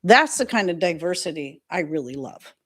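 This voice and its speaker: A woman's voice: on the low side, expressive, normal speed. Chatty woman hosting a livestream. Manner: chatty, rambling, reads chat comments aloud. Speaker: livestream host. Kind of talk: casual livestream chat.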